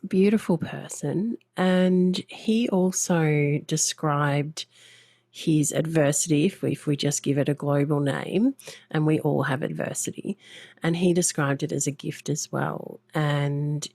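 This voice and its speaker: Host: a woman with a low voice, slow and reflective, gentle in conversation. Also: steady tone, no echo. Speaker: podcast host. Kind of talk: interview conversation.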